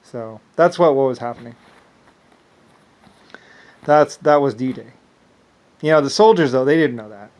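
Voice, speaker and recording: A man with an ordinary mid-pitched voice talks straight through a loose, rambling monologue. He keeps stalling on repeated words and restarting his sentences, padded with fillers. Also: expressive, a little slow, long pauses, darkish tone. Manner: repetitive, stammering restarts; loose filler-heavy speech. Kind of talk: rambling first-person monologue.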